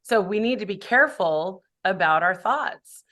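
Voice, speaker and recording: A woman's voice: mid-range voice, lively intonation, moderate pace, a bit bright. A woman who works as a public speaker, a guest in a podcast conversation, talking reflectively and candidly about her own life.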